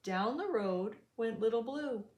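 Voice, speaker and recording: A woman reading a children's picture book aloud, slowly, with a sing-song storytelling manner. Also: a little high, dull audio. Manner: slow, lively storytelling with sing-song voices for animals. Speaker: storybook reader. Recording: roomy echo.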